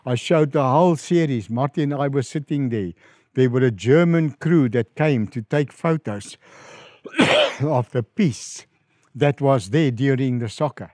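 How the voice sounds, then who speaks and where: A middle-aged South African pastor, interviewed about his mission work, tells stories in an unhurried voice recorded clean in a studio with no echo. He's an animated storyteller, his pitch and volume climbing as he acts out the voices of people who phoned him.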